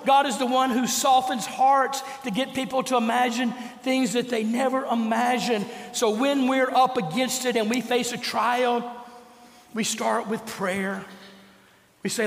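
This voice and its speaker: Older guy preaching, pretty high voice, big echoey church with long reverb. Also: fairly even intonation, gravelly. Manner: storytelling preacher, slows and drops to a hush for emphasis. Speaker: pastor. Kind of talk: sermon. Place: church sanctuary.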